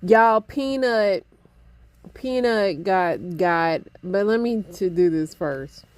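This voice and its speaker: A woman making low-key, muttered reaction comments in a casual way. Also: animated, slow pace, darkish tone, no echo.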